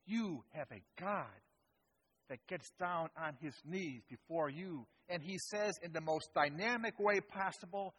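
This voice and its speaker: A pastor preaching a sermon, retelling a scene with dramatic storytelling and swelling loud at the quoted cries. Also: male voice, fairly high pitch, unhurried, husky, lo-fi sound.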